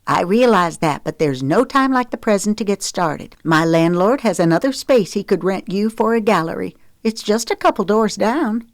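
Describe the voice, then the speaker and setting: A woman's voice: mid-range voice, lively intonation, normal speed, few pauses, no echo, voice pushed up, natural voice. A woman reading the part of a frank, coaxing middle-aged mother in an audiobook, in a dry recording.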